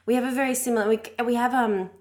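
A woman's voice: on the high side, steady tone, racing, darkish tone. A woman co-hosting a podcast, chatting expressively in a house and laughing often. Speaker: podcast co-host. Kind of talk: casual chat.

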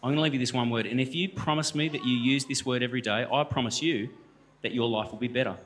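Speaking in a church hall, this Australian guest speaker and musician tells stories quickly, with medium pitch, fairly even intonation and a ringing bright tone. He's chatty and jokey, talking straight to the church audience.

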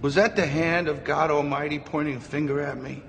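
A man's voice: on the high side, fairly even intonation, a little fast, creaky, big-room sound, a little hiss or hum, voice pushed up. A man voicing an anxious pleading woman. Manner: pleading, questioning. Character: anxious woman seeking a priest's forgiveness.

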